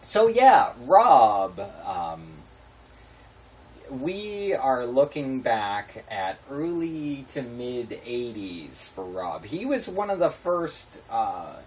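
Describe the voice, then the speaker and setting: A man's voice: medium pitch, very animated, very slow. A man hosting a casual web show, talking off the cuff with many fillers and restarts. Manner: rambling, full of fillers and restarts. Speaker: show host. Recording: distant mic with faint noise.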